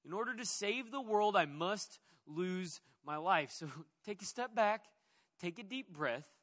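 Man doing a calm, quiet teacher, low-key and firm. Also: a little slow. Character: calm, firm male teacher correcting a follower.

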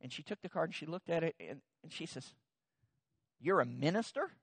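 A man's voice: on the high side, quick pace, dry recording. A middle-aged man, a pastor, telling a personal story in a sermon in a conversational, self-deprecating way, with frequent restarts.

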